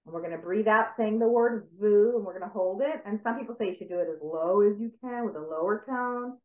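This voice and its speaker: A woman stress coach calmly guiding listeners through a breathing exercise step by step on a video call. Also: mid-range voice, brisk. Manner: calm, step-by-step instructive. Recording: tinny call audio in an echoey room.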